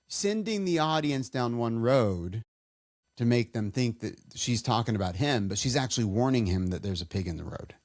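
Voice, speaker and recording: A man with a medium-pitched voice co-hosts a casual podcast chat, telling stories haltingly and starting over again and again. The recording is studio quality with no echo.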